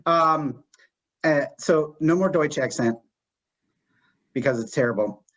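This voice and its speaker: A man hosting an improv game, giving rules with many pauses and fillers. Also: a little high, fairly bright tone. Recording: dull lo-fi stream audio.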